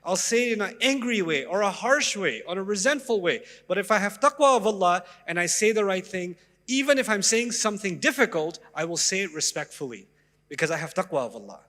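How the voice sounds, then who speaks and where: Animated high-voiced male preacher. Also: a little fast, in a large hall. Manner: animated, acts out dialogues with voices. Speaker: Islamic preacher. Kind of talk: sermon.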